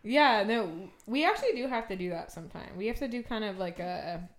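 A woman's voice: mid-range voice, expressive, fairly quick. A woman co-hosting a podcast in casual chat, playful and full of "like" and "um". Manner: chatty, uses "like" and "um" a lot, playful. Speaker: podcast co-host.

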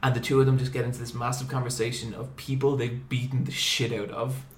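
A young man hosting a podcast, telling animated comic stories with plenty of swearing. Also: mid-range voice, fast talker, echoey room, slight background noise. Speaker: podcast host. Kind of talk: casual storytelling chat.

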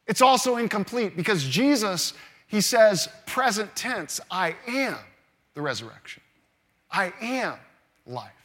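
High-voiced pastor preaching with swings. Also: male voice. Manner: builds from hushed to loud, repeats phrases for emphasis. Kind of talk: sermon.

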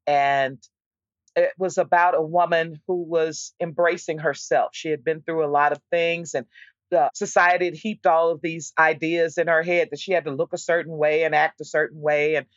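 A woman stage actor telling a story in an interview, lively, with frequent restarts and repeated words. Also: deep voice, normal speed, dry recording. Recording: dull, lo-fi dry recording.

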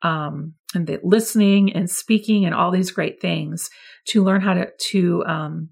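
A woman's voice: on the low side, unhurried, gravelly, slightly rough. A woman early childhood educator explaining classroom methods to other teachers in a friendly, instructive way. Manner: friendly, demonstrates voice levels with lively examples. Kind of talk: teacher training talk.

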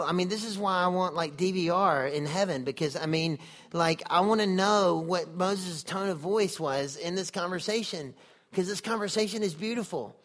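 A male preacher with a fairly high voice gives a sermon. He talks in an earnest, conversational way and keeps turning questions back to his listeners. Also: fairly bright tone. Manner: earnest, conversational, asks the audience many questions.

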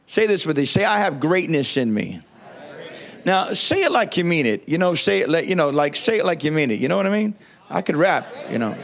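A man's voice: high-pitched, vocal fry, fairly bright tone. A male pastor preaching a sermon, leading his congregation in call-and-response and repeating phrases with enthusiasm.

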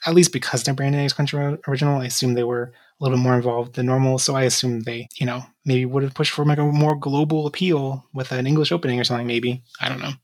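A man's voice: mid-range voice, fairly even intonation, quick pace, few pauses. A man co-hosting a podcast, chatting casually and critically, rambling with many fillers and sighs. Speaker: podcast co-host.

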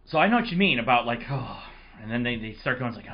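A man hosting a casual sports podcast, his voice hoarse, telling rambling, excitable stories. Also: medium pitch, quick pace, muffled recording. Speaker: podcast host.

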